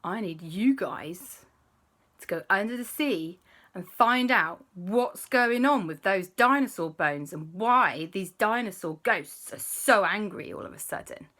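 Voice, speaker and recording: A woman voicing an excitable female scientist with an Australian accent and a high, gushing way of talking. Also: unhurried. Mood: conspiratorial.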